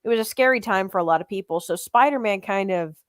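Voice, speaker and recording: A woman's voice: mid-range voice, fast, no echo. Woman in her thirties, dry and close. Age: 30s. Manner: earnest, reassuring, addresses chat. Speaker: podcast co-host. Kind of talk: casual podcast chat.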